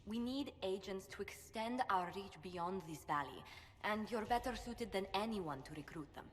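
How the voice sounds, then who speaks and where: Cassandra, суровая воительница в исполнении актрисы. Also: female voice, mid-range voice, animated, normal speed, natural voice. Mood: stern. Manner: curt, serious. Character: stern blunt female warrior-advisor. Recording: reverberant game audio, faint ambience.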